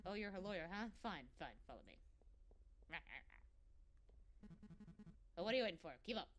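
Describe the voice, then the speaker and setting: A woman voicing a gruff prison guard animal in a game, curt and impatient. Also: mid-range voice, sing-song, normal speed, faint music behind, lightly acted.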